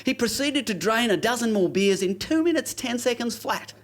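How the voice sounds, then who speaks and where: Lively Australian spoken word poet. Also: male voice, very high-pitched, moderate pace. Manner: theatrical, rhythmic delivery. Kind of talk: performance poetry. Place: pub stage.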